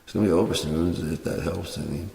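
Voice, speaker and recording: A man rambling and swearing in a casual monologue while high on cannabis. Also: fairly even intonation, fast, gravelly, a little mellow. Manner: rambling, profane, drawling. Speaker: vlogger. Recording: echoey room, mic far off, faint hiss.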